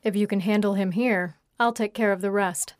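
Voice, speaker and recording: A woman voicing a forceful young woman who speaks in a sarcastic, teasing way. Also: medium pitch, steady tone, moderate pace, no room sound, studio quality, natural voice.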